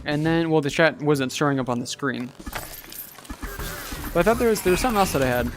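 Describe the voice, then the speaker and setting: Young male gamer, slightly high voice, dry self-deprecating humor, weary from a marathon stream. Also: a little fast, noisy background. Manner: wry, self-mocking, chatting to viewers while playing. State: tired from a very long stream. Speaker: livestreamer. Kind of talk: casual livestream gaming commentary. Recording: game music playing behind.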